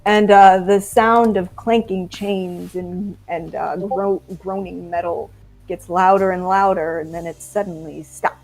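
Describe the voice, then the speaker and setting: Slow, giggly young woman game master. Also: lowish voice, steady tone, a little mellow, soft background music. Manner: giggly, halting narration with many ums. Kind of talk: narrating a tabletop game.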